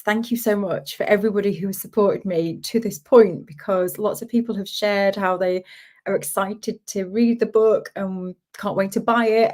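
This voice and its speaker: A woman's voice: mid-range voice, a little mellow. A woman hosting a casual livestream, reading out viewer comments, laughing often and greeting people by name. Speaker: livestream host, art community founder.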